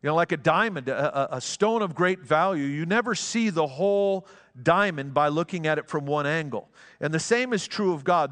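A man's voice: a little high, fairly bright tone. A middle-aged man preaching a sermon in a church, telling stories in a conversational way with frequent restarts. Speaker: pastor. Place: church sanctuary. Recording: long hall reverb.

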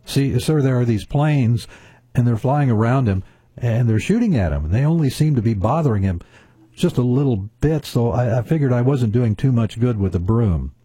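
A man's voice: medium pitch, animated, normal speed, warm tone, slightly rough, dry recording. A radio host voicing a nervous new night security guard phoning his boss, stammering and politely flustered.

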